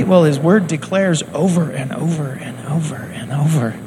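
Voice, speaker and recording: Earnest preacher man with a lively delivery. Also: a little high, normal speed, slight background noise, low-quality recording. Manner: earnest, conversational, acts out quotes. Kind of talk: sermon.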